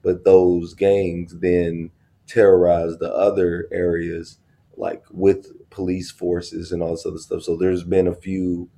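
Deep gravelly man, casual banter. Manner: joking, teasing, animated storytelling with profanity. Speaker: podcast co-host. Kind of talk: casual chat.

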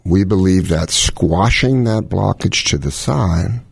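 A middle-aged cardiologist hosts a casual chat explaining heart conditions through analogies and quoted scenarios. His voice sits low, slow, husky, with vocal fry, and there's no room sound.

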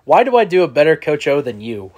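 Young male sports co-host, wry and teasing, slightly high-pitched. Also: sing-song, a little mellow. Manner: teasing, quick to laugh. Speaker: podcast co-host. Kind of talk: casual sports talk.

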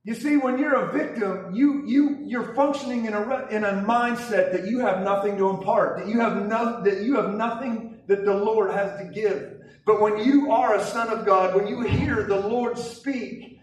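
Male charismatic preacher, high-pitched and emphatic; distant mic in a very echoey hall. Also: moderate pace. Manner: emphatic, rousing, with repeated restarts. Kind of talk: fiery charismatic sermon.

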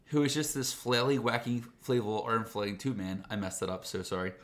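A man's voice: fairly low pitch, fairly even intonation, fairly quick, a bit bright. A man co-hosting a podcast in casual chat, playful and jokey, often turning to the listeners. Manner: playful, keeps saying "guys", jokey asides. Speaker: podcast co-host.

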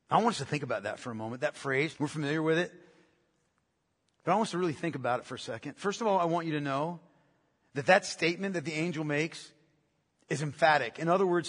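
Pastor guy preaching, high voice, hammers points home with repeats, long hall reverb. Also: quick pace, a bit bright. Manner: emphatic, repeats key phrases, asks rhetorical questions. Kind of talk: sermon.

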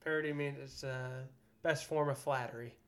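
A man's voice: medium pitch, fairly even intonation, normal speed, a bit bright. Frank, cussing male podcast host. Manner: frank, profane, ranting. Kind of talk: casual chat.

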